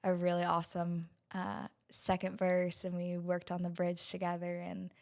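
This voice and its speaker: Woman from west virginia, lowish voice, soft and halting, lots of ums, chatting about songwriting. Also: completely flat delivery, creaky. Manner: soft-spoken, open, hesitant with many ums. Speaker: singer-songwriter guest. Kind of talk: casual interview chat.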